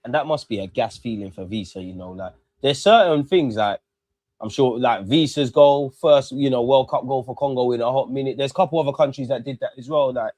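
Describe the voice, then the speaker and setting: A young man giving excitable live commentary on a match, calling out to players and the referee and swearing. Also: mid-range voice, fairly quick, no echo. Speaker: football fan streamer.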